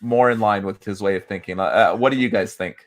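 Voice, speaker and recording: A man co-hosting a casual podcast chat, joking around and acting out quick impressions as he talks. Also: fairly low pitch. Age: adult, father of kids. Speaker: podcast co-host.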